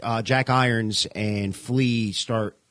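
A man's voice: fairly low pitch, steady tone, takes it slowly, fairly bright tone, no room sound. A man co-hosting a podcast in casual chat, rambling, laughing often and swearing freely. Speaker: podcast co-host. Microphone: podcast mic.

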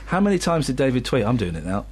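A man's voice: mid-range voice, sing-song, husky. A man hosting a radio phone-in, bantering playfully and teasing his callers. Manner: playful, teasing, quick asides. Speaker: radio host.

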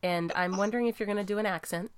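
A woman's voice: medium pitch, fast. A woman on a casual book podcast who laughs often and teases the others. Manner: laughing, teasing. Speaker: podcast co-host.

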